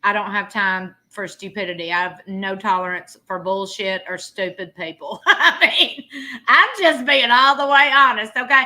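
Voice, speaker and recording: A woman's voice: mid-range voice, moderate pace, pushed and bright. Blunt, sassy woman streamer in her thirties. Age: 30s. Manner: blunt, sassy, laughs often. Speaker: livestream host. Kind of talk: casual live commentary.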